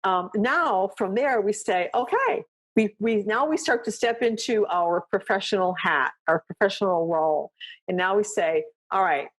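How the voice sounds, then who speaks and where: A woman's voice: mid-range voice, normal speed. A woman hosting a dog training podcast, talking through a coaching session in a loose, conversational way. She checks in with "right?" and "you know what I mean?" and acts out short exchanges with her dog. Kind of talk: coaching talk, casual explanation.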